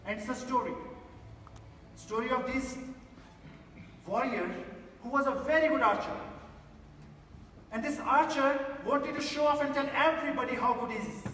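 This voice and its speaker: A man's voice: extremely high pitch, normal speed, long pauses, fairly bright tone, far from the mic, slight background noise. A man giving an inspirational stage talk, telling a story and speaking emphatically to the audience, from a large theatre stage. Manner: emphatic, addresses the audience directly. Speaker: motivational speaker. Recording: echoey theatre hall from afar.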